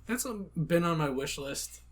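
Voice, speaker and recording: A man's voice: on the high side, animated, normal speed. Crude, joking man on a podcast. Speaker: podcast co-host. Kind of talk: casual chat.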